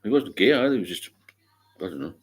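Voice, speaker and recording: A middle-aged man from England chats casually on a livestream in a very low voice. He talks bluntly and swears freely. He drifts into long rambling stories. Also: expressive, fast talker, husky. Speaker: livestream host.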